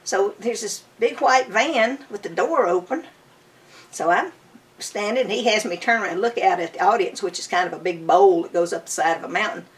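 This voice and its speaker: Older lady gabbing happy stories, mid pitch, mic a bit far away. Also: a little fast. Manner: enthusiastic, chatty, fond storytelling. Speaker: bluegrass musician interviewee. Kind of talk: casual storytelling interview. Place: her home.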